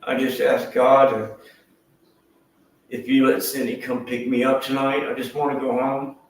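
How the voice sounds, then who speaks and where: A man's voice: mid-range voice, little pitch movement, measured pace. A man who streams, giving a rambling, earnest and emotional personal testimony and swearing freely. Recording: echoey room with faint noise.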